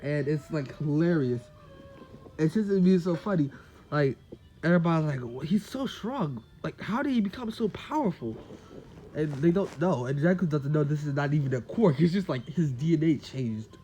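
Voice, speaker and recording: Guy rambling through a fan story, kinda high voice, lots of "like". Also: mellow, a little hiss or hum. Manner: rambling, full of "like" and quick acted quotes. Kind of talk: casual fan story narration.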